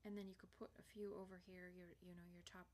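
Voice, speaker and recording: Casual woman walking through software. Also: lowish voice, little pitch movement, fast talker, a little hiss or hum. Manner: casual, chatty walkthrough with fillers. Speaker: software tutorial host. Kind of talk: screen-share tutorial.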